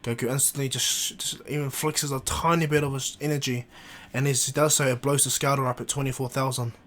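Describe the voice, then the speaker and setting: A hobbyist narrates a fan-made what-if tale, rambling casually with frequent restarts and fillers. His voice is mid-pitched for a man, fairly flat in tune, and a little fast.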